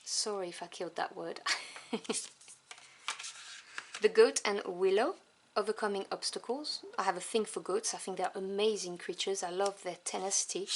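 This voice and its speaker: A woman whose first language is French, reviewing tarot cards one by one. She lists each card softly and without hurry, adding fond little asides. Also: medium pitch, a little hiss or hum. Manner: soft, unhurried listing with fond asides.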